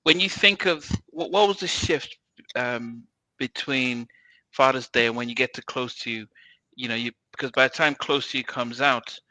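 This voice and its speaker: A man's voice: mid-range voice, normal speed, pushed and bright, no echo, poor audio. A man hosting a podcast, asking an interview question hesitantly with many fillers. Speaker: podcast host.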